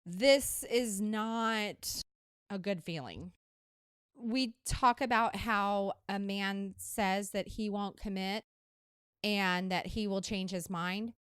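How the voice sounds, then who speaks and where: A woman from Missouri hosts a dating advice podcast, her voice smooth and clear in a dry, close-miked sound. She gives candid, emphatic advice in a casual chat and sometimes teases her co-host. Her pitch sits in an ordinary middle range. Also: slow pace, a bit bright, dry recording.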